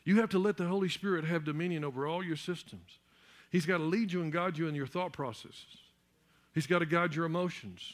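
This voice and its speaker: A man preaching a church sermon, building up to loud, emphatic peaks and repeating words as he searches for the next one. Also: a little high, brisk. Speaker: pastor.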